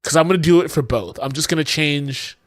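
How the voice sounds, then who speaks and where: A man's voice: fairly high pitch, a little fast, no room sound. A man streaming his game coding in casual talk, exasperated, swearing often and talking to his chat.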